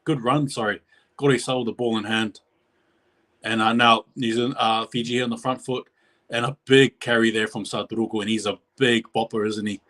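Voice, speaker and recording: A man's voice: mid-range voice, steady tone, a little fast, a bit bright. A man giving live play-by-play commentary on a match as a stream host, rambling and correcting himself, his voice jumping up at big plays.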